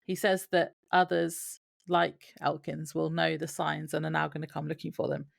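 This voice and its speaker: A woman co-hosting a relaxed podcast in a low, very gravelly voice. She picks her way through the plot with ums and quick laughs. The sound is dry and close, with no room around it. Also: no echo. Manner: laughs often, hesitant with fillers. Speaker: podcast co-host. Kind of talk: casual chat recapping a TV episode.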